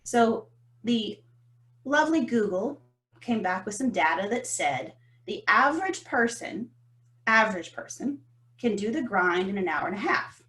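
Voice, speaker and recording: A woman, co-hosting a podcast and telling a story about business in an animated, emphatic way. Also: medium pitch, unhurried. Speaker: podcast co-host. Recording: roomy echo.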